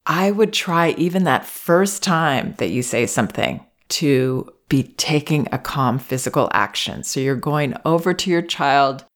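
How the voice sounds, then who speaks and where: A woman giving calm, measured parenting advice, gently acting out what children and parents might say. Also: low voice. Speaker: parenting advisor.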